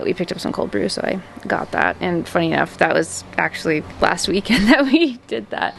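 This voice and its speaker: A woman's voice: medium pitch, vocal fry, a little hiss or hum. A woman chatting casually as a vlogger in her home kitchen, bubbly and self-deprecating, talking into a handheld vlog camera.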